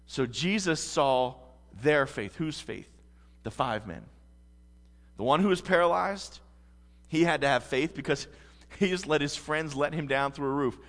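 A man's voice: on the high side, a little slow, a bit bright, big-room sound. A man preaching a sermon as pastor, earnest and emphatic.

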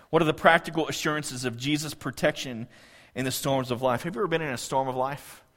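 A man preaching a sermon, animated, swinging between soft, quiet stretches and loud outbursts. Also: fairly high pitch. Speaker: pastor. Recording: long church-hall reverb.

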